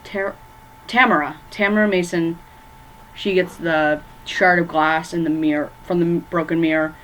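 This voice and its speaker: A woman with a low-leaning, fairly bright voice speaks at normal speed with fairly even intonation, over poor audio that has a little hiss or hum. The movie vlogger rambles through a bedroom ranking of horror films, full of fillers and tripping over titles and names.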